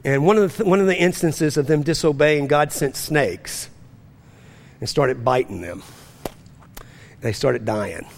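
A man preaching a sermon as pastor to a congregation, swinging between fervent rising lines and hushed, low-key storytelling. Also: a little slow, gravelly, pauses often. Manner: preaching with rising intensity and drops to a near-hush. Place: church.

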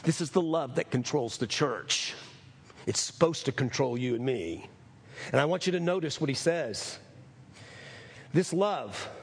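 Gravelly, husky preaching man. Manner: preaching with swings between loud emphasis and low, drawn-out phrases. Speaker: pastor. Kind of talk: sermon.

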